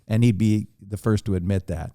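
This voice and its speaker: A man's voice: lowish voice, fairly even intonation, normal speed, dark tone, dry recording, studio quality. A man telling a long anecdote on a podcast, acting out the dialogue with animation. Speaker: podcast guest storyteller.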